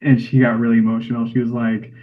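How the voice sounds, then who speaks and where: A man's voice: medium pitch, completely flat delivery, quick pace. A man, a cinematographer guest, telling a heartfelt story in a casual interview. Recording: tinny phone-like line.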